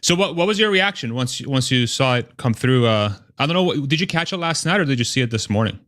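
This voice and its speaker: An upbeat man hosts a casual live stream, quick to laugh and now and then stumbling over a word. His voice sits in an ordinary middle pitch. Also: expressive, a bit bright. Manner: upbeat, laughs often, trips over words.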